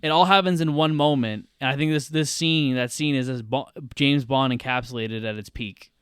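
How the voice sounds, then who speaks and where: A man co-hosting a casual film podcast, excitedly retelling a scene blow by blow and swearing freely. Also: medium pitch, normal speed, clean tone, no room sound, clean studio sound. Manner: excitable, profane play-by-play retelling. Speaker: podcast co-host.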